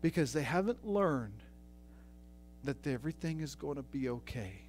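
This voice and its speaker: A man preaching a sermon as pastor, moving from quiet storytelling to loud, emphatic preaching with repeated phrases. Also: medium pitch, big pitch swings, moderate pace, slight background noise, poor audio.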